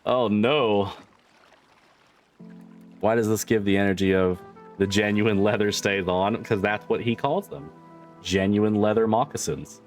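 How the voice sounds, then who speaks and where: Low-voiced man chatting with stream viewers. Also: measured pace, long pauses, soft background music. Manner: swears freely and laughs often while reading chat. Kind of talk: casual chat with livestream viewers.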